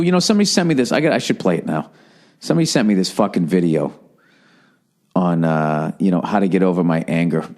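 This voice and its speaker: A middle-aged man from Boston hosting a podcast, ranting casually and profanely, swinging between loud gripes and low muttering. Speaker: podcast host. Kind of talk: casual comedic podcast rant.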